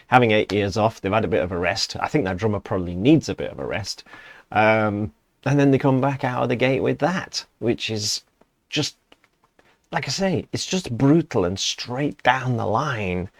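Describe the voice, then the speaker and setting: A man's voice: on the low side, lively intonation, a little slow, no room sound. Enthusiastic man rambling about music. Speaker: music reviewer. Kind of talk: casual reaction commentary.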